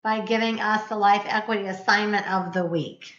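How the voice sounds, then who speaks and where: A woman's voice: mid-range voice, steady tone, normal speed, fairly bright tone, slight background noise. A woman hosting a casual chat, talking in a chatty, teasing way. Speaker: host. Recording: roomy, dull lo-fi sound.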